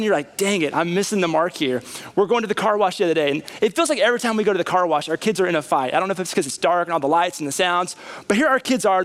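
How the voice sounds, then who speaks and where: Animated man preaching a sermon. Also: high voice. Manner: animated, conversational preaching with rising emphasis. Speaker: pastor. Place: church sanctuary.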